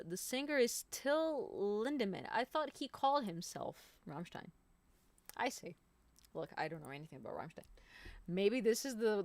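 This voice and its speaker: A woman's voice: lowish voice, no room sound. A woman singer hosting a live stream, chatting casually and rambling to her viewers.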